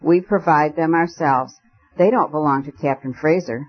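Guy reading as a nervous old vicar, fluttery and timid, slightly high voice, muffled recording. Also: normal speed, lightly acted. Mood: flustered. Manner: hesitant, nervous. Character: timid old male country vicar, flustered. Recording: dull lo-fi recording.

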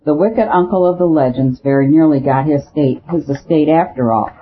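A man voicing an impatient, forceful male French adventurer who speaks briskly. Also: on the high side, husky. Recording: tinny phone-like audio.

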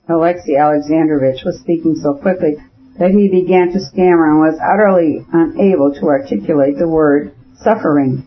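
A man narrating a classic novel in measured, even storytelling. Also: fairly high pitch, breathy edge. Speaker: audiobook narrator. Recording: dull lo-fi audiobook recording.

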